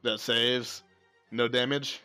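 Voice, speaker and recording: A male game master narrating a tabletop fight in a loose, casual way. His speech is full of fillers and easy chuckles, and his voice sits at an ordinary pitch. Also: fairly even intonation, takes it slowly, pushed and bright, clean tone, faint music behind.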